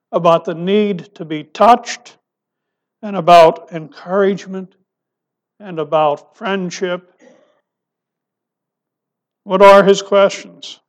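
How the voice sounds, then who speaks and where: Preaching a sermon in a high voice, this male pastor asks rhetorical questions and lets his voice drop soft to stress a point.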